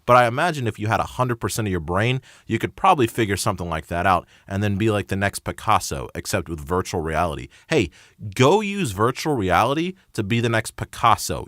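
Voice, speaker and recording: A man's voice: lowish voice, a bit bright, no room sound, clean studio sound. A man in his thirties hosting a podcast, rambling and joking in a loose, ranting way. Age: 30s. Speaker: podcast host. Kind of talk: casual podcast monologue.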